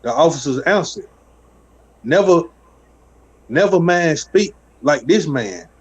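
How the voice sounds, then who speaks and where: A man reading scripture aloud at a steady, measured pace during a Bible study. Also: fairly high pitch, husky. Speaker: scripture reader. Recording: dull lo-fi audio.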